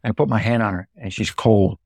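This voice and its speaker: Man, middle-aged, from the US, animated storytelling, acted-out quotes, dry close sound. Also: lowish voice, fairly quick, creaky, breathy edge, no echo. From United States. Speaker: dairy farmer guest. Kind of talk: anecdotal storytelling.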